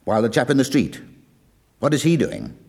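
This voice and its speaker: Lively man telling a song's story. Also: medium pitch, brisk, vocal fry, over loud music. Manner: storytelling, lively, acts out quoted lines. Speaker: music lecturer. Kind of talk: explaining a song with acted quotes.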